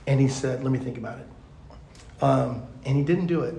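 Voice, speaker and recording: A man, a pastor, teaching at a youth conference in a chatty, animated storytelling way, full of fillers. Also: medium pitch, brisk, creaky. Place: large conference hall. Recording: echoey hall.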